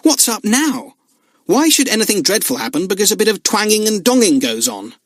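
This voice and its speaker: A man's voice: sits high, sing-song, brisk, fairly bright tone, dry recording, studio quality, pitched above the performer's own voice, heavily acted. A man voicing a cheerful, unafraid boy in an audiobook who teases politely. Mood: breezy. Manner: cheery and polite, lightly teasing. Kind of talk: audiobook character voice.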